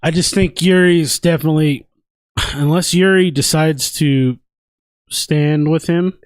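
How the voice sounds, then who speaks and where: A man co-hosting a casual podcast, often laughing and chiming in with quick reactions. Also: a little high, steady tone, clear, resonant tone, no echo. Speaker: podcast co-host. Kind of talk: casual chat watching fights.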